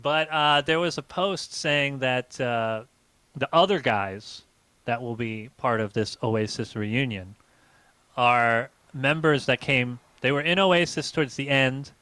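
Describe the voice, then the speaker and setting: Bright, dry-voiced comedian. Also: male voice, medium pitch, slow, clear, resonant tone, dry recording. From United States. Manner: rambling, hesitant storytelling with many fillers. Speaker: comedian co-hosting a live-stream show. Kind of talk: casual comedic chat.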